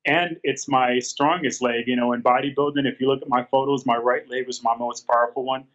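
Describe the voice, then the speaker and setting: A man in his fifties, appearing as an interview guest, tells a painful personal story candidly, full of fillers and false starts. His mid-range voice stays steady and fairly bright, and he speaks fairly quickly. The recording sounds dull and lo-fi.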